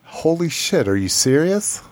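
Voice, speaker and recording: Slow-talking man hosting a casual podcast. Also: on the high side, very animated, darkish tone. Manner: loose, swearing, laughing banter. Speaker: podcast host. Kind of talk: casual chat.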